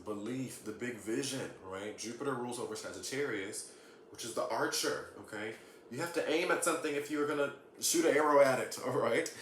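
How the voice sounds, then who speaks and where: A man's voice: lowish voice, a bit bright. Earnest man, echoey room, tagging "okay?". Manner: earnest, ends nearly every point with "okay?"; laughs lightly between points. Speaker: astrology vlogger. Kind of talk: casual explanatory vlog. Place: room at home. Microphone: camera mic. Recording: echoey room with faint hiss.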